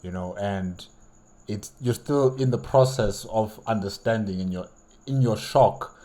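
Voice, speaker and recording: A man's voice: fairly low pitch, unhurried, dark tone. A man hosting a reaction video, easygoing and supportive, explaining things casually. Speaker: reaction channel host.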